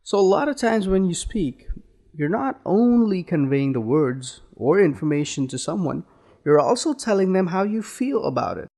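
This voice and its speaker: A man teaching a spoken English lesson as an accent coach, explaining slowly and deliberately and acting out example phrases. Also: sits high, very animated, a little mellow.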